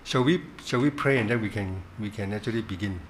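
A man leading a Bible study in a church, teaching in a halting way, repeating words and stressing key words. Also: lowish voice, slight background noise.

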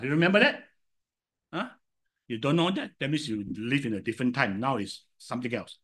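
Lively older Singaporean man preaching. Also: fairly high pitch, fairly quick. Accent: Singaporean English. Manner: animated storytelling with rhetorical questions to the audience. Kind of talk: sermon.

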